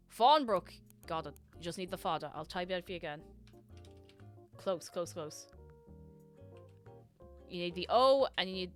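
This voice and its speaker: A woman's voice: fairly low pitch, fairly bright tone. Chatty Irish woman streaming a game. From Ireland. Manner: chatty, scatterbrained, talks to chat. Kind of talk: casual gaming stream chat.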